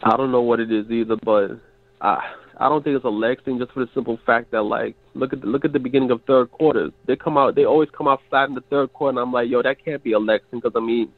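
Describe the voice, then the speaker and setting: Over a dry, tinny phone line, a man with a stuffy, nasal, sick-sounding voice calls in as a regular co-host, venting about sports in casual, frustrated, rambling analysis full of restarts. His voice is mid-range and steady in tone, his pace quick, with no echo.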